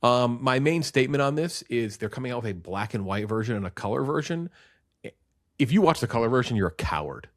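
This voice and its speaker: A man's voice: medium pitch, animated, fast talker. A man co-hosting a film podcast, rambling casually with restarts and blunt swearing. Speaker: podcast co-host.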